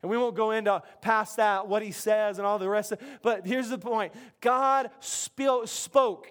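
High-voiced animated male pastor. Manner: conversational, animated, self-interrupting preacher. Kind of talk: sermon.

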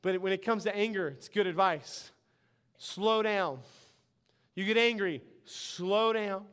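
An excitable pastor preaching with a lively, animated delivery and frequent laughter. His voice sits high for a man and rings smooth and clear. He speaks to his listeners in a warm, practical way. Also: slow. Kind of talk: sermon.

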